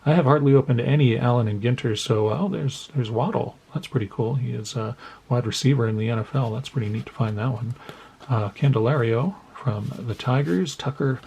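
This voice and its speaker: A man's voice: mid-range voice, fairly quick, gravelly, a little mellow, slight background noise. A man casually opening a mail-day package of trading cards, reading off player names one by one and making playful asides to the cards. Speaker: card collecting YouTuber.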